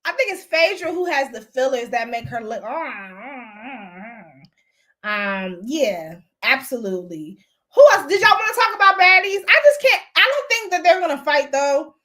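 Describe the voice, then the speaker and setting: A woman's voice: sits high, very animated, normal speed, pushed and bright. A woman hosting a casual live stream, gossiping bluntly and profanely while she greets and answers viewers. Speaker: host.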